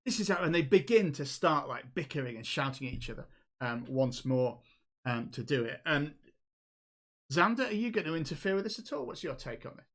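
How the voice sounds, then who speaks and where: Man narrating as game master, slightly high. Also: animated, a little fast, a bit bright. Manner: hesitant, many fillers and restarts.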